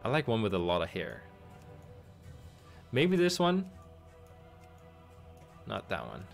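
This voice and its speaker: A man's voice: fairly low pitch, huge pitch swings, takes it slowly, vocal fry, faint music behind. A man streaming a game, chatting casually and thinking aloud with amused asides. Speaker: gaming streamer.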